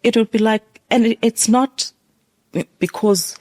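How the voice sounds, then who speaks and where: A woman's voice: on the high side, steady tone, unhurried, darkish tone. A woman from South Africa, a guest in a casual interview conversation, who talks with many fillers and restarts.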